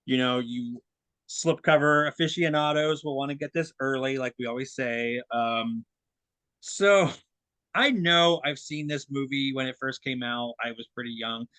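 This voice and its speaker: A young man co-hosts a casual film podcast with a bright, forward voice. He rambles loosely and fills his thoughts with ums and restarts. The sound is dry and close. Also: medium pitch, unhurried, no room sound. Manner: rambling, many fillers and restarts. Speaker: co-host reviewing film releases.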